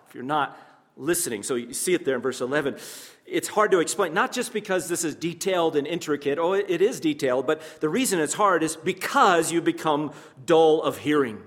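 A pastor preaching a sermon to his congregation, measured and emphatic, with pauses and asides to the listeners. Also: on the high side, in a large hall.

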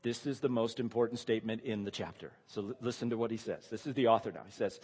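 A man's voice: fairly low pitch, fast talker, hardly any pauses, a little mellow, breathy edge. A man preaching a sermon, reading scripture verses aloud and then stopping to ask the listeners pointed rhetorical questions. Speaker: pastor. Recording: long reverb of a large hall.

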